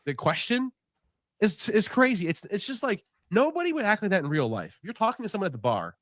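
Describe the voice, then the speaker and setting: A man reacting to a call he was on, animated and exasperated, replaying clips. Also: sits high, a little fast, no room sound, clean studio sound. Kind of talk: casual reaction chat.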